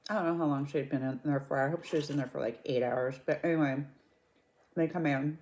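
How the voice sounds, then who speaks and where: A woman vlogger retelling a story to her viewers in a chatty, gossipy way. Her voice is low and mellow, and she talks with relaxed warmth. She reacts freely as she tells it. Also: fairly quick. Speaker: mukbang vlogger. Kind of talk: casual storytelling.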